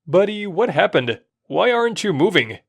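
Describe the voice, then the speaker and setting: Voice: medium pitch, sing-song, normal speed, gravelly. A storyteller voicing a sly, teasing boy cousin who schemes to take something. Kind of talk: storytime narration.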